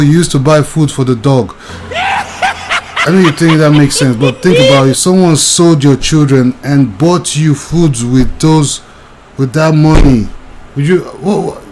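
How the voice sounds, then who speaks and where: A man's voice: fairly high pitch, darkish tone, slight background noise, rough recording. A young man, ranting agitatedly and talking straight to the viewer in video commentary.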